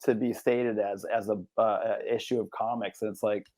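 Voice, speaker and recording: A man's voice: on the low side, little pitch movement, moderate pace, a little mellow. A man talking as a guest in a casual interview, rambling and acting out what people said to him. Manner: rambling, acts out quoted talk. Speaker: guest, comic publisher.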